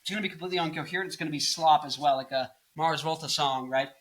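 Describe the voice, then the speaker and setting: A young man in his twenties talks through music commentary in a loose, rambling way, cracking jokes and drifting off topic. His voice is bright and forceful and sits a little high for a man. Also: racing. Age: 20s. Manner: jokey, rambling, goofs off into silly bits. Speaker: music video host.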